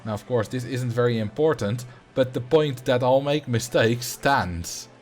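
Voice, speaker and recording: A man talks casually over a live game stream, rambling along and answering his chat as he plays. He speaks into a desk microphone. Soft game music plays quietly behind his voice. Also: medium pitch, measured pace. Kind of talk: casual live gameplay commentary. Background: faint game music.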